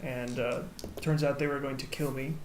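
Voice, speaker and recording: Man voicing a subdued, secretive male changeling bard, gravelly, echoey room. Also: fairly high pitch, flat delivery, moderate pace. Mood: hesitant. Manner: soft, subdued and hesitant. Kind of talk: in-character tabletop role-play. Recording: echoey room with faint noise.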